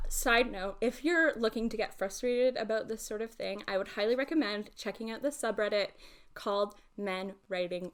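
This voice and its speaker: A woman co-hosting a podcast in casual chat, giggly and quick with sarcastic asides. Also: medium pitch, fairly bright tone. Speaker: podcast co-host.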